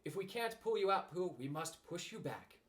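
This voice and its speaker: A fussy storybook rabbit, as a man puts him on, polite on the surface and blunt underneath. His prim speech rises and dips in lively swings. He sounds brisk and sure of himself. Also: high-pitched, voice pushed up. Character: fussy, polite but pointed male rabbit. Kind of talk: storybook reading.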